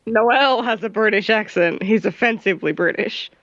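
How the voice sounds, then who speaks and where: A woman's voice: medium pitch, normal speed, fairly bright tone, no echo. A woman with an Australian accent in casual banter as a co-host, teasing and sarcastic, laughing a lot. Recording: dull lo-fi dry mic.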